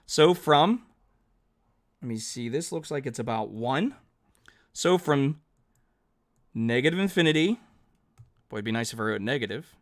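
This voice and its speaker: Speaking a little slowly and pausing often, a medium-pitched, animated man narrates a calculus lesson over a digital whiteboard. His manner is chatty and upbeat as he works through each written step aloud, catching and correcting his own errors.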